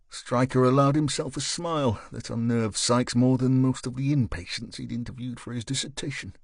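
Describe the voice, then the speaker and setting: A man narrating an audiobook in a steady, even storytelling manner. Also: mid-range voice, moderate pace, gravelly, few pauses, dry recording, clean studio sound. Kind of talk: scripted narration.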